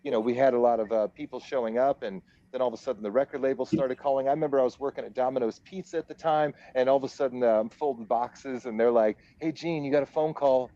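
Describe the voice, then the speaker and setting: Man in his 40s, musician guest, casual rambling storyteller, medium pitch, muffled lo-fi sound. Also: fast talker, hardly any pauses. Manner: rambling, animated storyteller who laughs at himself. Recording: dull lo-fi audio.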